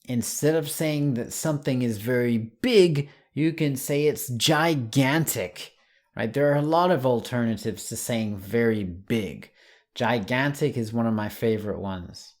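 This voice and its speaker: A man teaching an English lesson online, saying example words slowly and clearly. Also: mid-range voice.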